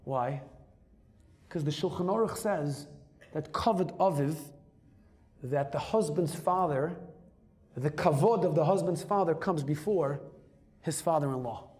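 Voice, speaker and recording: A man telling a personal story as a rabbi, lively and emphatic, dropping Hebrew and Yiddish terms into his English. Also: on the high side, measured pace, long pauses. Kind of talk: storytelling talk.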